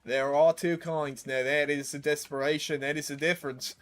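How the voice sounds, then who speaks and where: A man voicing a Texan good old boy in a slow, put-on Texan drawl. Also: on the high side, fairly even intonation, fairly bright tone, close to an everyday voice. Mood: proud.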